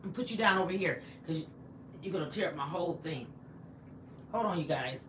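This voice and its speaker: A woman's voice: on the low side, fairly quick, a little hiss or hum. A woman hosting a casual livestream from inside her house, chatting with viewers and reading their comments aloud. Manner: chatty and animated, talks back to viewers and her pet. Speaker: livestream host.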